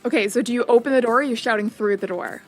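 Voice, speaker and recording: A woman's voice: on the high side, soft background music. Chatty woman game master, many ums. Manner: chatty, lots of ums, quick asides. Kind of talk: narrating a tabletop game stream.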